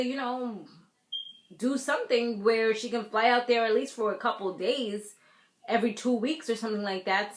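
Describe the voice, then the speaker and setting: An American woman from a Caribbean family, doing a casual reality TV recap in a sassy, animated way, talking straight to her viewers. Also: mid-range voice, reverberant. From Caribbean family, raised in the US. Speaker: TV recap vlogger.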